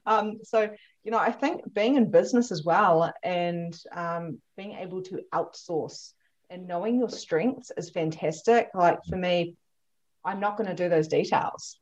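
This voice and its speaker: A woman hosting a podcast, chatting casually and telling animated stories with frequent laughter. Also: on the low side, moderate pace, dull audio. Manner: animated storyteller, laughs often. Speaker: podcast host. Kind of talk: casual chat.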